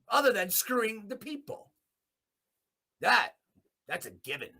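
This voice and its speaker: A furious man from Alberta, Canada, hosts his own podcast in a small room. His voice is raspy and gravelly, and it sits high and bright. He delivers a defiant, profane rant that swings from low grumbles to shouts. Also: big pitch swings, a little slow, pauses often. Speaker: host. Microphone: podcast mic in a small room.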